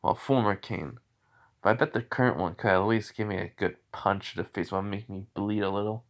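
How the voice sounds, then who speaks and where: A man's voice: on the low side, a little fast, natural voice. A man voicing a cocky, defiant young man who speaks bluntly and mockingly.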